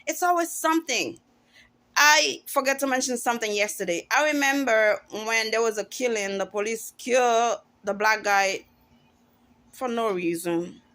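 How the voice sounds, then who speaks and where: A woman in her forties talking straight to camera in a casual vlog. Her voice sits a little high, and she speaks with emphatic, outspoken conviction. She often stops and restarts her sentences mid-thought. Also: moderate pace, a bit bright. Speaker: vlogger. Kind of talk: casual opinion monologue to camera.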